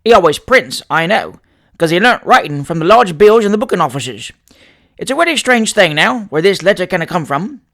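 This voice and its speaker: Man doing cheeky manservant, sly, deadpan, fairly high voice, storybook. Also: brisk, exaggerated voice. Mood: puzzled. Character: cheeky young male London manservant, dry wit.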